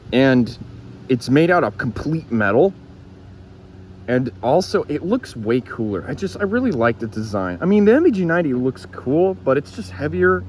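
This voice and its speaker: A man's voice: mid-range voice, a little hiss or hum. A man casually reviewing a gadget for his viewers, rambling and retelling a friend's reactions with some swearing. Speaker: YouTube reviewer.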